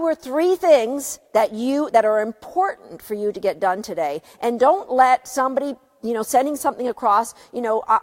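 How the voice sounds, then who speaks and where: A woman with a slightly high voice speaks as a dog trainer, giving earnest life advice. She talks in a reflective way and keeps asking questions out loud. A long reverb trails behind her voice. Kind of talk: motivational advice talk.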